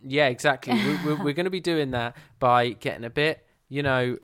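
A man's voice: mid-range voice, normal speed, fairly bright tone. A man hosting a podcast in casual chat, laughing often and repeating himself as he talks. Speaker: podcast host.

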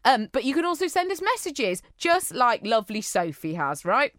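A woman's voice: on the high side, sing-song, normal speed, a bit bright, no echo, clean studio sound. A British woman co-hosting a podcast chats casually and reads listener mail, giggly and exclamatory. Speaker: podcast co-host.

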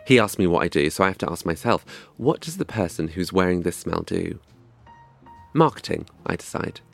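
A man's voice: deep voice, brisk, vocal fry, faint music behind. A young man from England telling a scripted comic story in a wry, dry, self-mocking way. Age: young adult.

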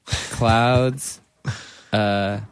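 A man hosting a casual podcast chat, relaxed and quick to laugh, with hesitant fillers. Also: on the low side, smooth, no echo. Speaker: podcast host.

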